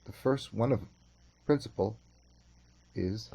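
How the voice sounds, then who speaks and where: A man teaching a course, lecturing and telling a story in a measured, unhurried way with halting restarts. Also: fairly low pitch, gravelly, warm tone. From California.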